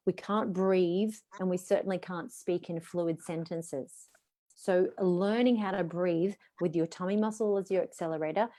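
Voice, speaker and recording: Expressive Australian woman voice coach. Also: fairly low pitch. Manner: expressive, varied inflection, answers questions from chat. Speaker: voice and presentation coach. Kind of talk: live online voice workshop.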